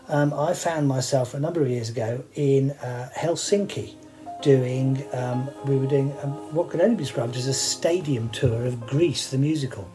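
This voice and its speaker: A man's voice: medium pitch, low-quality recording. A man hosting, telling rambling, wry anecdotes with many asides and fillers. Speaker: host sharing stage rigging anecdotes.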